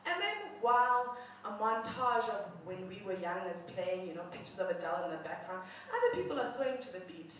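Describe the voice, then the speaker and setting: A woman's voice: medium pitch, brisk, few pauses, slight background noise. A young woman telling a comic personal story, self-mocking and laughing as she talks. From South Africa. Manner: animated, self-mocking, laughs while talking. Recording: very echoey room, mic far off.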